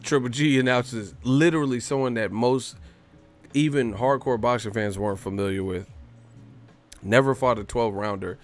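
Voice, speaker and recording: A man ranting casually to camera about boxing, animated and profane, with mocking, incredulous jabs. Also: on the low side. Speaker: boxing commentary vlogger.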